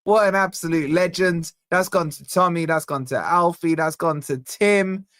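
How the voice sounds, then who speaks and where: An upbeat man hosting a live stream, chatting casually and reading out super chats with shout-outs. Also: a little high, moderate pace, no echo, studio quality.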